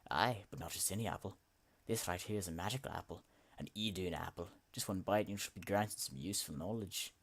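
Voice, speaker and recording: A man voices a friendly, boastful Norse god in a video game, speaking in a low, slightly fast voice with a fairly bright tone. His speech is hearty and old-fashioned, sprinkled with "aye" and "lad."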